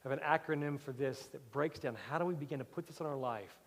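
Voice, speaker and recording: A male pastor giving a sermon, telling a personal story with animated swings between loud and soft. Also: fairly high pitch, fast. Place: church sanctuary. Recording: church hall with long reverb.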